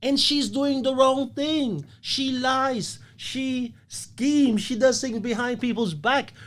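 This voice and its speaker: A man's voice: very high voice, slow pace, a bit bright. A man hosting a casual podcast chat, talking emphatically and philosophically and swearing casually. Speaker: podcast host.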